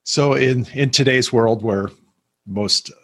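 A man hosting an interview, asking measured questions and giving brief acknowledgments. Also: mid-range voice, husky. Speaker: interview host. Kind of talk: conversational interview.

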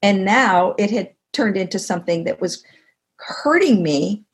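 A woman's voice: medium pitch, a little slow. An older woman, a guest author and teacher, talking reflectively in an interview and telling anecdotes. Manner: reflective, tells anecdotes, animated when quoting others. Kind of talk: conversational interview. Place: video call.

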